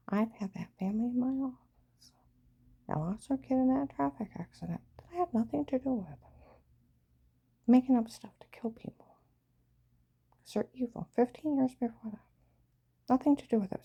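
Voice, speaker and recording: A woman's voice: on the high side, normal speed, vocal fry, long pauses, dark tone, slightly rough. A woman telling a rambling, agitated personal story, often dropping into a half whisper.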